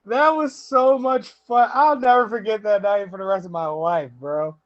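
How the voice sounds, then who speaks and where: Animated young man telling stories. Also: high-pitched, normal speed, no room sound, dull audio. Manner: animated storyteller, laughs often, quotes people. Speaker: podcast host. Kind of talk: casual podcast storytelling.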